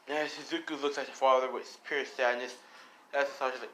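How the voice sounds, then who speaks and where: In a low-quality recording with slight background noise, a man with a mid-range, somewhat bright voice speaks a little fast with fairly even intonation. He casually narrates a fan-made story, rambling and leaning on fillers like "you know" and "as".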